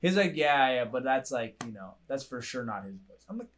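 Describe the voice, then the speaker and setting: A young man hosting a coaching show, talking in a blunt, profane, animated way. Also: mid-range voice, fairly quick. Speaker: coaching podcast host. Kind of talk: casual chat.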